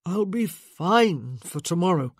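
A woman voicing a sick young gentleman with a fever, croaking and mumbling slowly with dry, deflecting humor in an audiobook. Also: fairly low pitch, animated, dry recording, exaggerated voice. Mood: weak, wry. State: ill, weak. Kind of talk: audiobook character voice.

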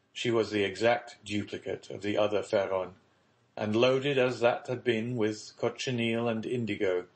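Slow, measured male audiobook narrator. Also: fairly low pitch. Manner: measured, steady reading. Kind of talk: scripted narration.

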